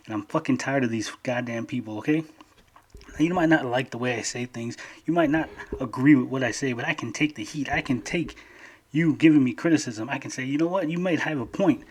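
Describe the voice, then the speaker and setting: A man YouTuber delivering a heated, profane rant to his channel. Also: medium pitch. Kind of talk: angry rant.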